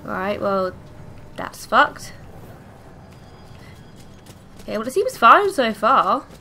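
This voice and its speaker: Bright slow-talking woman gamer. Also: on the high side, big pitch swings. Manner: hyper, swears a lot. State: coughing. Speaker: gaming channel host. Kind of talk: let's play commentary.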